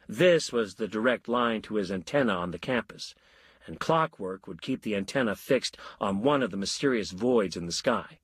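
A man narrating a story in a wry, measured way. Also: lowish voice, animated, husky, no room sound.

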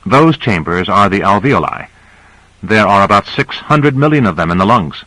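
A man's voice: lowish voice, animated, moderate pace, bright, forceful tone, no echo, low-quality recording. A man reading a novel aloud, voicing a young female assistant who explains things patiently. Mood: explaining.

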